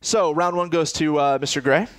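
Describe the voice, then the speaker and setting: Brisk man, fairly high voice, runs a casual quiz among friends. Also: steady tone, no echo. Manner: brisk, reads lists quickly. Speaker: quiz host. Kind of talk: casual trivia chat.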